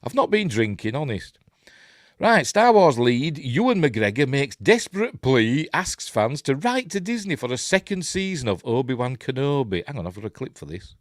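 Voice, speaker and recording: A man's voice: medium pitch, big pitch swings, moderate pace, dry recording, studio quality. A man with a Yorkshire accent hosting a live-stream news show, reading stories aloud and adding chatty, sarcastic asides. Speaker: host.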